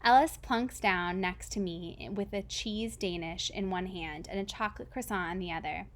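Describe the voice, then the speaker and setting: A woman reads a novel aloud in first person, keeping her voice steady and plain. Her pitch sits in the middle range and she stays even, with the occasional small stumble. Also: normal speed. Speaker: reader.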